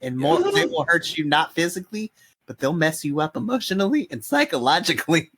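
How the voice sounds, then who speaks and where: A fairly high-voiced man, a teacher, tells excited stories about his class on a podcast. He talks casually and builds to punchlines. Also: brisk, husky. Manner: excited storyteller.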